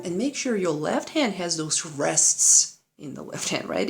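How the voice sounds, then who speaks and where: A woman's voice: deep voice, big pitch swings, moderate pace, vocal fry, few pauses. A woman piano teacher giving a play-along lesson, patiently explaining and counting rhythms aloud, with a piano playing behind her. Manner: patient, checks in with "right?" often; counts and sings rhythms aloud while demonstrating. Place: room with a piano.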